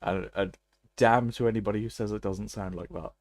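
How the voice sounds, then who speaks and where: A man's voice: lowish voice, fairly even intonation, a little fast. A man streaming a game, chatting casually and laughing often. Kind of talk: casual gaming commentary.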